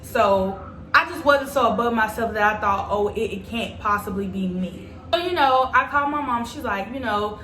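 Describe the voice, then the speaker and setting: A woman's voice: on the high side, moderate pace, bright, forceful tone, reverberant, slight background noise. A young adult woman telling a personal story to her viewers in a chatty, dramatic way. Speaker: vlogger. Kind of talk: storytime vlog.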